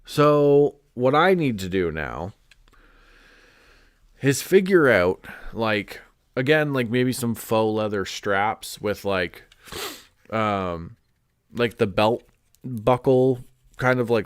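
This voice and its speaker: A man's voice: medium pitch, animated, slow pace, long pauses, clean tone, no room sound, studio quality. A man chatting casually on a live stream, congested and rambling with lots of "like" and restarts. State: stuffed up, congested.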